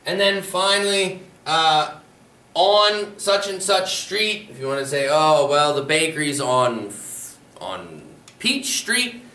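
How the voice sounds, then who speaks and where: A man's voice: on the high side, fairly even intonation, sharp tone, recorded from a distance. Man teaching a language lesson in an echoey room. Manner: slow, careful modeling of phrases. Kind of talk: slide-based language lesson. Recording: echoey room, voice a bit off-mic.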